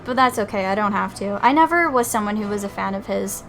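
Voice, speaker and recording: A woman's voice: medium pitch, expressive, fast talker, fairly bright tone, soft background music, rough recording. A young woman streamer chatting casually while gaming, swearing freely and saying "like" a lot. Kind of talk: casual chat while playing a game.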